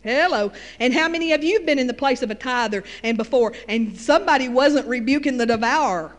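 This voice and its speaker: A woman's voice: high-pitched, a little fast, long reverb tail. A middle-aged woman with a Texas Southern accent, preaching a folksy sermon with call-and-response asides.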